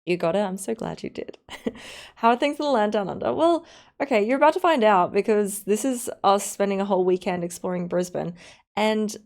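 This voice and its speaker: A woman's voice: medium pitch, brisk, gravelly, a little mellow. Chatty Australian woman streaming. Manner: rambling, giggly and chatty. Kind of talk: casual live-stream chat.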